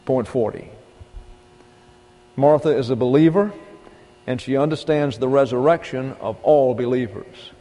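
A man's voice: medium pitch, a little slow, pauses often, mellow, in a large hall. A male pastor preaching a sermon in a folksy, emphatic way, asking rhetorical questions.

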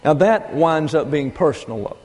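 An older man preaching a sermon, teaching deliberately and with emphasis, pausing for asides. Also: fairly high pitch, expressive, a little mellow, breathy edge. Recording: long reverb of a large hall.

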